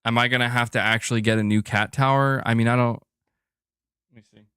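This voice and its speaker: A man's voice: mid-range voice, fairly even intonation, brisk, sharp tone, smooth, no echo. Laid-back male streamer, dry close sound. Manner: playful, talks to his cat and reads viewer chats. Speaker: gaming news streamer. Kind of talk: casual livestream chat.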